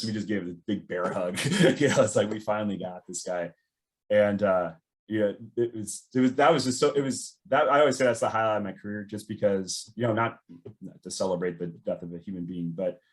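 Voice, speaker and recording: A middle-aged man with a somewhat low voice tells a story from his career in a relaxed conversational way. He laughs often and slips into the voices of the people he quotes. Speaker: guest, former intelligence analyst.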